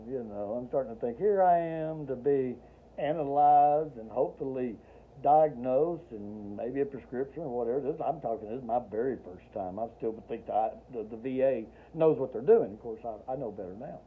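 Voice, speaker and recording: A man spins a rambling personal story with dry humor, acting out each voice he quotes. His pitch swings widely as he talks. The sound is thin and tinny, like a phone line. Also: expressive, normal speed, breathy edge. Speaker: Army veteran telling a personal story. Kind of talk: casual spoken storytelling.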